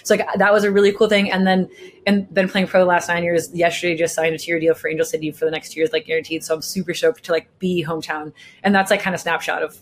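A guest in a casual chat, this young Californian professional soccer player recounts her story quickly in a lowish voice with a flat delivery. She's bubbly, uses lots of filler words, and acts out quotes. Slight background noise can be heard.

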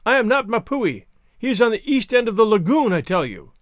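A man's voice: high-pitched, sing-song, fairly quick, no room sound, clean studio sound, pitched above the performer's own voice. A man voicing a fearful husband who speaks in faltering tones in a storybook reading. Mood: frightened. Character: timid, scheming island husband.

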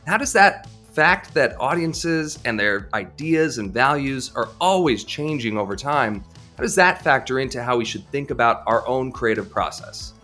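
A man's voice: mid-range voice, animated, moderate pace, sharp tone, soft background music. A man co-hosting an advice podcast, pushing back thoughtfully with frequent hesitations. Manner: thoughtful, hesitant, lots of fillers and restarts. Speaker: podcast co-host. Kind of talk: conversational podcast debate.

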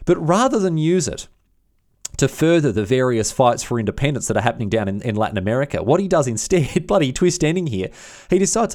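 A man's voice: on the high side, expressive, a little fast, a little mellow. A man telling a history story in a casual, slangy, irreverent way, with many restarts.

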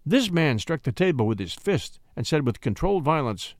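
Expressive male storyteller, very lively delivery. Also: on the high side, normal speed, few pauses, dry recording, studio quality. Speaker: narrator. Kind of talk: audiobook reading of a classic story.

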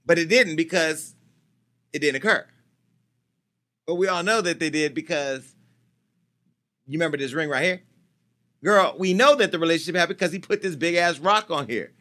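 A celebrity gossip show host speaks with a brash, profane, teasing delivery, his slightly high voice carrying a sharp, forceful edge. He talks casually to off-camera staff as if chatting with people in the room. His pace is moderate, broken by long pauses.

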